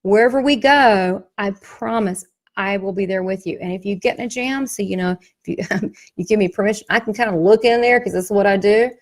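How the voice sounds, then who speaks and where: This time her medium-pitched voice runs a little fast. The Southern psychic medium and workshop host gives a motivational promo for her class, full of emphatic, folksy, animated storytelling.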